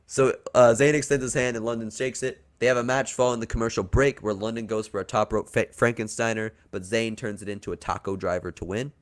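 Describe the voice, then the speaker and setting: A man's voice: medium pitch, fairly even intonation, quick pace, hardly any pauses. A man hosting a podcast, casually walking through a storyline he has written, joking and crude at times. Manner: laid-back, joking, crude. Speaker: podcast host pitching a wrestling storyline.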